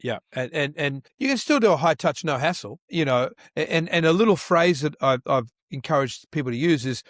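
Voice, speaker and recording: A man guesting on a church-leadership podcast, telling stories with lively acted-out dialogue and frequent restarts. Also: mid-range voice, brisk, hardly any pauses, no room sound, clean studio sound. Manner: animated storyteller who acts out quoted dialogue; frequent restarts and repeated words. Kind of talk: conversational podcast interview.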